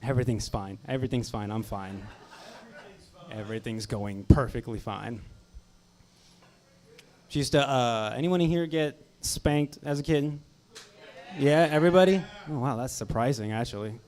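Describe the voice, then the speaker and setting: A man's voice: medium pitch, moderate pace, a little mellow. A man in his twenties doing a stand-up set on a comedy club stage, with a dry, self-deprecating delivery into a handheld mic. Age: 20s.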